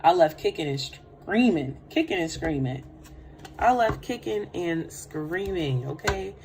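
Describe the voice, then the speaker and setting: Woman, tarot livestream host, warm low-ish voice, animated chatter, faint room hum. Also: measured pace. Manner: animated, laughing, greets viewers, drops to soft prayer. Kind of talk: livestream chat with prayer.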